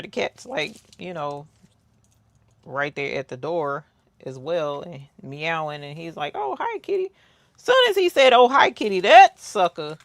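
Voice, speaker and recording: A woman's voice: low voice, gravelly, fairly bright tone, no echo. A woman hosting a crafting livestream, chatting casually with viewers, telling stories and reading out their comments. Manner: chatty storyteller, talks to viewers, reads out chat comments.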